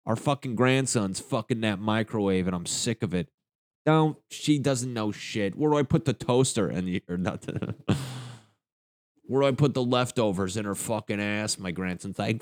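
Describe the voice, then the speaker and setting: A man's voice: lowish voice, normal speed, no echo, studio quality. A young man doing a crude, rambling stand-up comedy rant. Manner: crude, rambling, jumps into silly voices.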